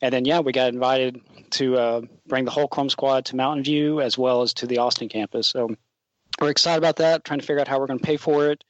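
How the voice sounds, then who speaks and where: A man of middle pitch tells a story in a relaxed, loose way, with plenty of "like" and "um". The room is dry and the sound is a little dull and lo-fi. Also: fast, no room sound. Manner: relaxed, filler-heavy telling with many "like"s and "um"s. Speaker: teacher advisor of a student tech team. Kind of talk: casual storytelling in an interview.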